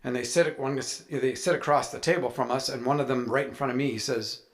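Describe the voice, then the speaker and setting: A man's voice: medium pitch, steady tone, a little fast. A man, an author, telling a chatty, anecdotal story with playful humor to a live audience. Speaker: author speaking at a writers' event.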